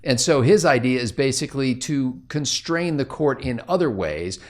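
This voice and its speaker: A man's voice: mid-range voice, lively intonation, moderate pace. A man co-hosting a casual planning meeting, telling stories in a wry, rambling way. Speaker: co-host.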